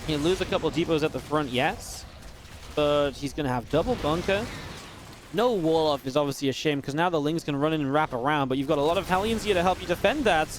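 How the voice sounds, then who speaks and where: A man giving live play-by-play commentary on a strategy game match, quick and excitable, with restarts and filler words. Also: on the high side, background noise. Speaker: esports caster.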